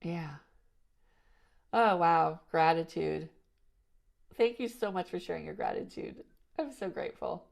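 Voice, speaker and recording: A woman's voice: fairly low pitch, unhurried, gravelly, pauses often. A woman hosting a podcast, chatting casually and telling rambling stories with frequent restarts and "you know"s. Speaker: podcast host. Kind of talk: casual conversational chat.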